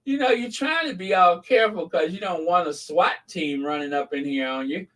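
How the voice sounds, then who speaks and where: A man's voice: high voice, normal speed, a bit bright, distant mic, poor audio. A man hosting a casual gossip commentary, rambling and mocking, who often laughs at his own jokes. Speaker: channel host.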